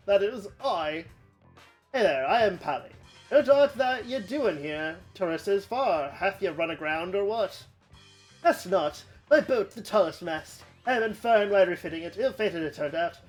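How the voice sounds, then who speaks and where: A woman's voice: mid-range voice, close to an everyday voice. A woman voicing a rambling, boastful old ferryman in a video game, telling his tale in old-fashioned speech. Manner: rambling archaic storytelling.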